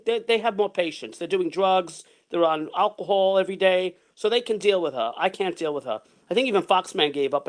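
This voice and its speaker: A man's voice: a little high, clean tone. A man ranting heatedly in a vlog, repeating himself and swearing as he retells his arguments. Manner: long retellings of arguments in quotes. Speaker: vlogger. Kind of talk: angry ranting monologue.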